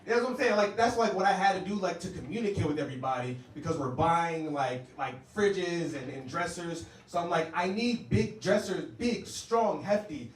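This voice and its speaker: A man's voice: on the high side, lively intonation, fairly quick, few pauses, slight background noise. A man from the United States doing a brash stand-up set, joking and talking to the crowd. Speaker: stand-up comedian. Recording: roomy club sound, distant mic.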